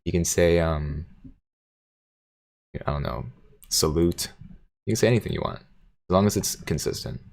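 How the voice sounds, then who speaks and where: Male streamer, low voice, casual and playful, reads chat comments aloud. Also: animated, normal speed, gravelly, long pauses, a little mellow. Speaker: livestream host reading chat.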